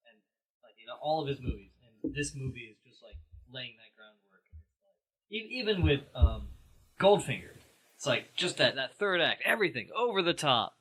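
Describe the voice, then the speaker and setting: A man's voice: mid-range voice, big pitch swings, a little fast, fairly bright tone, slightly rough, poor audio. A man co-hosting a podcast who enthusiastically piles up over-the-top examples while chatting about a film. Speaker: podcast co-host. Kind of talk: casual chat recapping a film.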